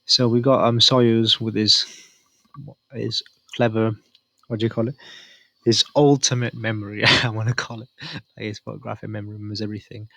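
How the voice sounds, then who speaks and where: Guy reviewing a manga chapter, kinda low voice, dry close sound, rambly. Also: little pitch movement, brisk, vocal fry, long pauses, sharp tone, no room sound. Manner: rambling, thinking aloud while reading.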